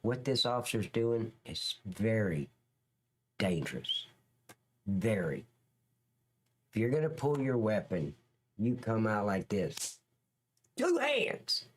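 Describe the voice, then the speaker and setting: A man's voice: lowish voice, lively intonation, slow pace, pauses often, darkish tone, slight background noise. A man hosting a livestream, giving blunt, profane, opinionated reaction commentary on police footage.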